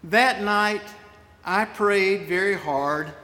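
Middle-aged pastor guy, high voice, folksy storytelling sermon, big echoey church. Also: drawn-out words, bright, forceful tone. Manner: storytelling, folksy, with asides to the congregation. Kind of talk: sermon with personal stories. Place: church sanctuary. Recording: long reverb of a large church.

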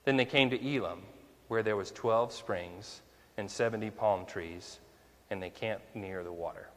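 A man's voice: fairly low pitch, a little slow, fairly bright tone, big-room sound. A male minister preaching a conversational sermon, full of rhetorical questions to the congregation.

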